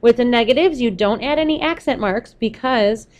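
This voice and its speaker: A young adult woman teacher talks students through grammar notes. Her voice sits a little high, and she explains patiently, step by step, with some "um"s. She speaks close to the mic. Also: moderate pace. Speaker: Spanish teacher. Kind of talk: recorded classroom lesson.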